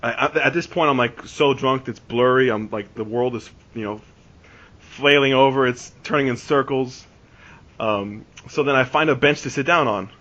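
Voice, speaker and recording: A man's voice: medium pitch, moderate pace, a bit bright. A man in his twenties telling a long story on a podcast, rambling and restarting, full of "like". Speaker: podcast host. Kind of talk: casual storytelling. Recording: dull lo-fi podcast recording.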